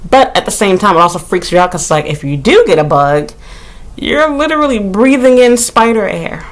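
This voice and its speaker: A young-sounding woman chats to camera from her small apartment, rambling and swearing as she goes. Her voice swings wildly, dipping low and grumbly one moment, then shooting up into a squeal when she gets worked up. It is loose, unscripted vlog talk full of fillers. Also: normal speed. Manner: animated, rambling, heavy use of "like", swears freely; shrieks and jumps high when retelling her panic. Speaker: vlogger. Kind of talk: casual rambling vlog monologue.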